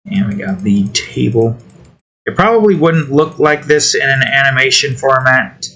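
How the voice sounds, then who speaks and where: A man's voice: medium pitch, moderate pace, bright, forceful tone. A man talking casually to himself while drawing digital art, muttering about his work and snapping at his cat. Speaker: artist drawing on stream.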